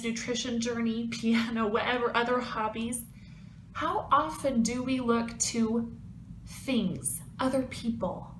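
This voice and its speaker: A woman fitness vlogger telling a personal story to her viewers in a casual, animated and emphatic way. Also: fairly high pitch, echoey room, slight background noise.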